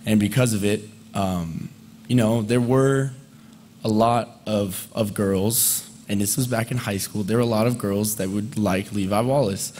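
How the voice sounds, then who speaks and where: A man in his twenties speaking as a friend at a memorial service, conversational and halting, with fillers and soft laughs. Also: on the low side, steady tone, a little hiss or hum. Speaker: eulogist, friend of the deceased. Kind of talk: memorial eulogy. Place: memorial service hall, indoors.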